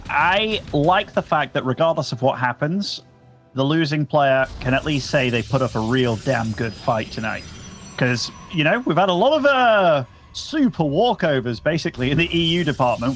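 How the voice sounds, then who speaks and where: A man's voice: a little high, lively intonation, normal speed, fairly bright tone, soft background music. A man casting a live strategy game match, chatty and upbeat, bantering with his co-caster. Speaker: esports caster.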